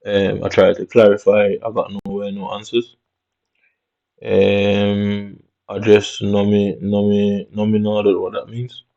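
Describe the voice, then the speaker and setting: In a dull lo-fi recording, a Jamaican-accented man from Jamaica vlogs, muttering with swearing and slang as he comments casually on what's on his screen. His fairly low voice is warm and creaky, delivered flatly and unhurriedly.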